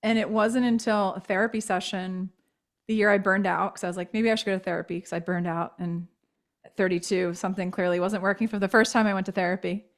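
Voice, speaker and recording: A woman in her thirties speaks as a podcast guest, candid and reflective as she tells her own story. Her voice sits at an ordinary middle pitch. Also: fairly even intonation, fast talker.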